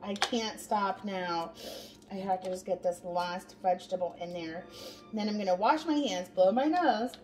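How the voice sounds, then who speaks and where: A woman's voice: mid-range voice, moderate pace. Chatty woman hosting a home cooking show. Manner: chatty, narrates each step aloud. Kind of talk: casual cooking demonstration. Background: background music.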